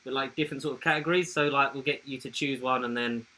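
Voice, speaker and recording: Bright, jokey man podcaster. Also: mid-range voice, steady tone, fast, poor audio. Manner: jokey, playful, tells anecdotes. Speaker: podcast co-host running the quiz. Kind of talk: casual chat.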